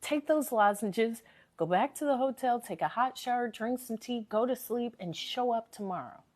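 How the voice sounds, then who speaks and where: A woman's voice: on the high side, expressive, normal speed, a little mellow. A woman hosting a live stream, talking earnestly and motivationally, repeating phrases for emphasis, her voice a little worn from a sore throat. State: recovering from a sore voice. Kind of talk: casual live-stream chat.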